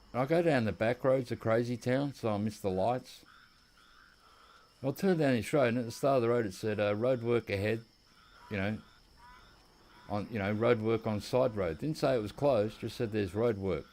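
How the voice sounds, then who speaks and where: Low-voiced Australian man rambling over gameplay. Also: moderate pace, long pauses, a little mellow. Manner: rambling storytelling. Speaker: gaming commentator. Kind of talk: casual gameplay commentary.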